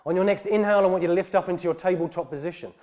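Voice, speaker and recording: A male yoga teacher leads a class in a heated studio, calling out each breath and pose in a steady, calm way. His voice sits a little higher than most men's. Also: racing. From England. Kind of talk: guided yoga class instruction.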